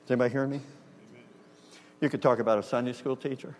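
A man's voice: mid-range voice, fairly even intonation, fast, darkish tone. A man preaching a storytelling sermon in a conversational way, acting out dialogue and asking the congregation if they hear him. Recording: reverberant hall with faint hum.

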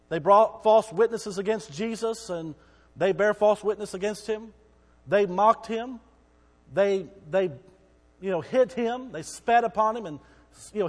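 A man preaching a sermon, retelling the story with drama and shouting out the crowd's cries. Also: high-pitched, long reverb tail.

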